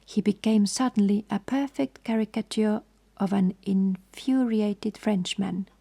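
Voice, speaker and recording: A woman reads a bedtime story in a soft, hushed whisper. Her voice is husky and dark with a creaky, gravelly texture. She keeps an even, calm pace. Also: medium pitch, a little slow. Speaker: sleep-story reader.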